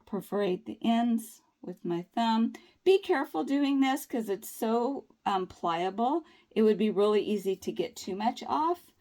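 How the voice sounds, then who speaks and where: A woman's voice: a little high, expressive, unhurried, warm tone. Chatty woman showing nails. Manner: chatty, upbeat and reassuring. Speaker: nail tutorial vlogger. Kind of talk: casual tutorial talk.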